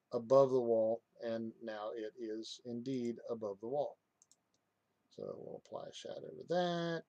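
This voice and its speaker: A man giving a casual software walkthrough, hesitant, with many fillers and restarts. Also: medium pitch, no room sound. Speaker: software reviewer. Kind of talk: casual screen-recorded tutorial.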